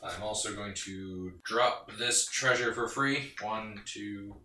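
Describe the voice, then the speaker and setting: A man's voice: lowish voice, slow pace, sharp tone, a little hiss or hum. A man at a board game table, explaining rules and laughing often in casual banter. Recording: echoey room, mic at a distance.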